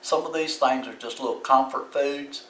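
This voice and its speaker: A man's voice: medium pitch, a bit bright. Folksy Southern man, roomy and distant. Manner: plain, folksy, unhurried advice. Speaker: YouTube host. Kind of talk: casual how-to talk. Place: his home kitchen.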